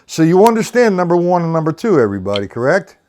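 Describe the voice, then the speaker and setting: A man teaching a live-streamed drum lesson, explaining patiently and counting the sticking aloud in a low murmur. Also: big pitch swings, a little mellow, a little hiss or hum. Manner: slow, patient explaining, reads out chat names. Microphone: webcam or computer mic on a live stream.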